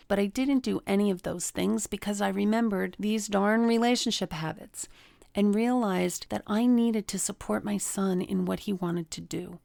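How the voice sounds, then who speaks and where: A woman's voice: medium pitch, vocal fry, darkish tone, dry recording, clean studio sound. A middle-aged woman, host of a relationship coaching talk, teaching through personal stories and acting out the people she quotes. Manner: storytelling, acts out quoted people in a raised voice.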